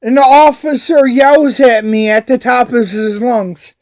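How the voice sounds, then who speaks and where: A man's voice: very high-pitched, a little slow, hardly any pauses. A man telling an angry story about a police officer in a heated, profane, repetitive way.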